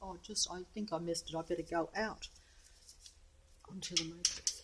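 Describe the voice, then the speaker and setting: A woman's voice: on the low side, steady tone, moderate pace, long pauses, background noise. A woman rambling to the camera of her handheld phone outdoors on a residential street, chatting as she films. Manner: chatty, meandering, talks to camera and to her cat. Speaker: vlogger.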